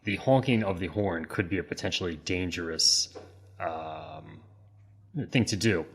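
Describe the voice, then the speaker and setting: Deep husky man giving legal takes. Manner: measured, explains law with hedging restarts. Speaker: legal correspondent guest. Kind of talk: casual comedic podcast chat.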